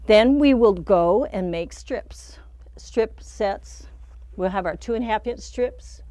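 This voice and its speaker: A woman's voice: mid-range voice, lively intonation, slow pace, warm tone, dry recording. Chatty woman demonstrating quilt strips. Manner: chatty, laughs at her own slips. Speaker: quilting instructor. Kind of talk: casual hands-on demonstration.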